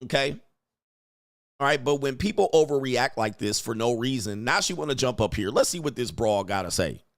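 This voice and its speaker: A man in the middle of his range, reacting to clips in a blunt, emphatic and profane way. His delivery is forceful and repetitive. The sound is dry and close, with no room echo. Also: medium pitch, expressive, moderate pace. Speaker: commentary host and coach. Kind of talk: reaction commentary.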